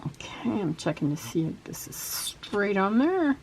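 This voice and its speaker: A woman hosting a casual crafting tutorial, talking softly and trailing off as she works at her table. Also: medium pitch, sing-song, a little slow, noisy background. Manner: soft-spoken, chatty, trails off while working. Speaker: craft video host.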